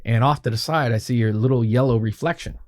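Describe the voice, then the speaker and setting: A man's voice: medium pitch, fast. Profane storytelling man on a podcast. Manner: animated, profanity-laced, acts out quoted dialogue. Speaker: podcast guest. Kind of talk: casual storytelling.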